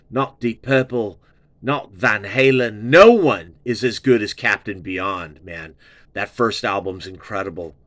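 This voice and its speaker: A man's voice: fairly low pitch, a bit bright, no echo. A man hosting a casual album review, gushing and swearing, repeating his praise over and over. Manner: gushing, profane, repeats himself. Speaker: music reviewer, show host.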